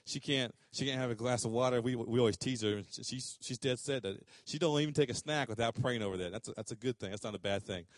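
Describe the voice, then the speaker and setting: A man's voice: medium pitch, fast talker, few pauses, no room sound, clean studio sound. A middle-aged man, preaching a sermon in a conversational way that rises to emphatic questions. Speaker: pastor.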